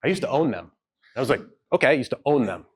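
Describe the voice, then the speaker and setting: This man, a parent, shares a personal story in a keynote at an event hall full of listeners, acting out the quoted speech of others in a loose, hedging style. He has a husky mid-range voice, talks fast, and swings widely in pitch.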